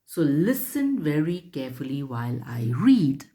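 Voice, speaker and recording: A woman teacher reading a story aloud to children and explaining it in a slow, careful, instructive way. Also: sits low, very animated, warm tone.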